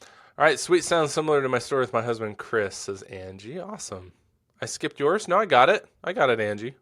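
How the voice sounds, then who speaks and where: A man's voice: mid-range voice, big pitch swings, a little fast, a bit bright. Chatty man hosting a casual Q&A. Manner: chatty, self-deprecating, laughs often. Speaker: site founder answering viewer questions. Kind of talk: casual livestream Q&A.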